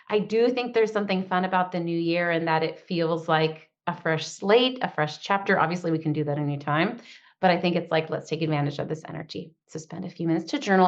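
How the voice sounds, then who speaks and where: A woman's voice: lowish voice, lo-fi sound. A woman coach leading a group call in a casual, upbeat way, acting out little quotes as she talks. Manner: upbeat, talks in quick bursts, acts out quotes. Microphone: video call.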